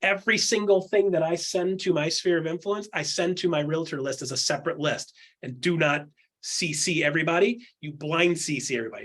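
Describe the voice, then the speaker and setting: A man with a somewhat high, husky voice coaches real estate agents in a candid, one-on-one style. He drives his points home with quick rhetorical questions and slips into other people's voices to act out what they say. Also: fairly bright tone. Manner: acts out quotes in other voices.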